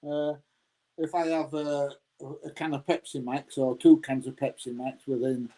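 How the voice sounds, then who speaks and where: A man's voice: mid-range voice, little pitch movement, moderate pace, dark tone, low-quality recording. A man, rambling casually as he answers his viewers' live chat and calling them mate. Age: 60s. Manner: rambling, chatty, laughs often, says mate.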